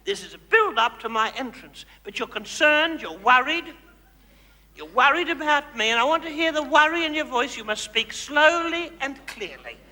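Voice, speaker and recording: Comedy stage: a man as a very high-voiced, condescending housewife megastar, in a reverberant hall. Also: lively intonation, normal speed, sharp tone, full character voice. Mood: gushing. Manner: theatrical, condescending, gushing endearments. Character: flamboyant gushing suburban housewife turned megastar, woman. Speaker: host directing audience volunteers. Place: large hall.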